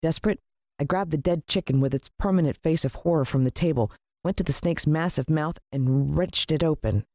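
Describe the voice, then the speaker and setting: A narrator reading a children's adventure story aloud in an expressive way, with the pitch leaping up in the dialogue. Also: brisk, dry recording, clean studio sound.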